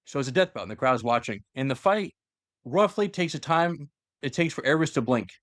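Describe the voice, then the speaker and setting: A man talks a little fast in a medium-pitched voice, animatedly recounting a long story of lore to his podcast co-host. He acts out the quotes and uses plenty of fillers along the way. It's a dry, studio-quality recording.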